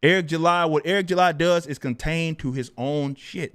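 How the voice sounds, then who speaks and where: Animated, incredulous man ranting on stream. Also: normal speed. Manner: animated, incredulous, swings between loud exclamations and low muttering; laughs often, swears freely. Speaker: livestream host. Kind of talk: casual livestream rant.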